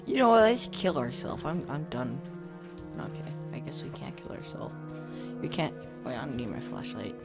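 A gaming video host giving casual let's-play commentary into a desk microphone at a home setup, chatting to viewers and reacting out loud to jump scares. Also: mid-range voice, big pitch swings, normal speed, over loud music. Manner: talks to the viewers and to himself while playing.

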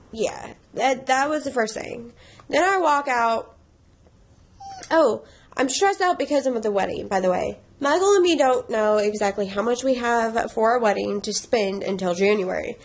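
Tearful, stressed young woman vlogger. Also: a little high. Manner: rambling, emotional, stressed, laughing through tears. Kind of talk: casual confessional vlog.

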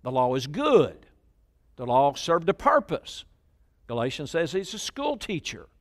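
A middle-aged man preaches in church with a rather high, lively voice. He jumps from shouted scripture to hushed asides and has the congregation repeat his words. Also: unhurried. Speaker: pastor. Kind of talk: sermon.

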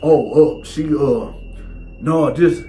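A man voicing a nervous young male cellmate who stammers, dodges questions and speaks in a hushed, hurried way. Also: on the high side, echoey room, soft background music. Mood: nervous, evasive.

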